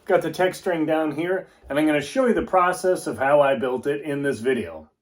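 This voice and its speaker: A man's voice: fairly high pitch, brisk. A man chatting casually to the viewer while building something at home, in a jokey, talkative way. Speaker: home DIY vlogger. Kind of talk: casual how-to narration. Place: home office during building work. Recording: roomy echo in a bare room.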